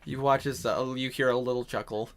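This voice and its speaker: A man's voice: medium pitch, steady tone, a little fast, a little hiss or hum. A man running a tabletop game over voice chat, chatty and often laughing as he narrates. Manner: chatty, laughs between lines. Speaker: game master.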